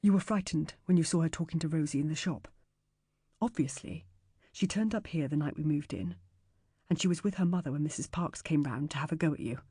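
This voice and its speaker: Low, dark-voiced tense husband, curt and clipped, read by a woman narrator. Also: brisk, husky, no echo, clean studio sound. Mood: worried. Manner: blunt, clipped. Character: tense young father, worried husband.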